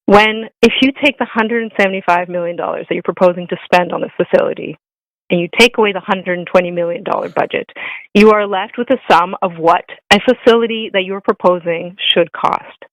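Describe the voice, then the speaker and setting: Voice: medium pitch, steady tone, a little fast, a bit bright, dry recording, low-quality recording. A speaker giving an indignant prepared public comment at a council meeting, hammering the same point again and again.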